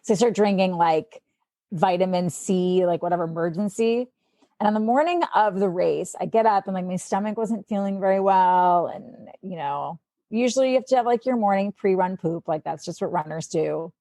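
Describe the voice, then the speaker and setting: A woman, a sports anchor guesting on a podcast, telling a story in a chatty, animated way full of "like" and acted-out quotes. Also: lowish voice, moderate pace, no room sound. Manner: chatty, fills speech with "like". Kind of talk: casual storytelling.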